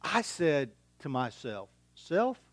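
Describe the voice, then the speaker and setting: A man's voice: a little high, expressive, measured pace, dry recording. A middle-aged man preaching a sermon as a pastor, in a folksy, conversational way with homespun humour and rhetorical questions.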